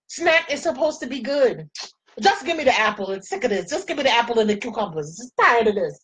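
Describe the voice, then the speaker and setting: A woman's voice: a little high, very animated, normal speed, breathy edge, poor audio. A woman in her forties chatting playfully with viewers while she does her makeup. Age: 40s. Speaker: makeup vlogger. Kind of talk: casual chat while doing makeup.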